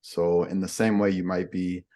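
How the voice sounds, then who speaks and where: A man's voice: sits low, level tone, moderate pace, dark tone. A man explaining language differences in a podcast conversation, patient and giving examples as he goes.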